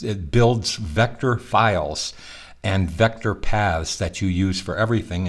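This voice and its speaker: A middle-aged male college professor with a slightly rough morning voice, talking students through an online course in a conversational, reassuring way with fillers and restarts. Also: on the low side. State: morning voice, clearing throat. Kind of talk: recorded online course walkthrough.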